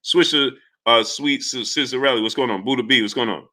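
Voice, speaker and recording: Welcoming viewers by name, a livestream host launches into heated rants with plenty of animation. He talks briskly at a medium pitch.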